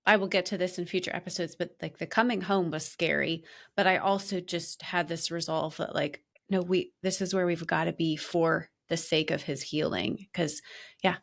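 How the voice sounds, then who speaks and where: A young adult woman hosting a podcast, chatting casually with a friend and retelling stories with lots of laughter and restarts. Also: lowish voice. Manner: animated, laughing storyteller with many restarts. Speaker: podcast host. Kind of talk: casual conversation.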